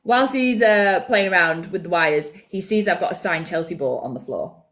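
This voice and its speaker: A woman co-hosting a football podcast, chatting casually and telling stories in a playful, animated way. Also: lowish voice, moderate pace. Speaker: podcast co-host. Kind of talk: casual chat.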